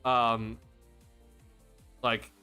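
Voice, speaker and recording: A man's voice: mid-range voice, little pitch movement, very slow, bright, forceful tone, smooth, faint music behind. A young man, ranting and laughing in disbelief as he hosts a casual sports livestream, rambling with restarts. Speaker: sports streamer.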